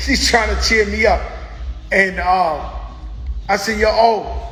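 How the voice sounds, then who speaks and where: A man's voice: high voice, fairly bright tone. Hyped-up New man in an echoey room. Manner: drawn-out hype, storytelling with acted quotes. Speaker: show host. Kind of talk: casual monologue. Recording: echoey room with long reverb.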